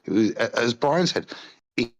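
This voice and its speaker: A man's voice: mid-range voice, animated, normal speed. A man on an online panel making his case, emphatic as he breaks down an argument. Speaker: panel guest.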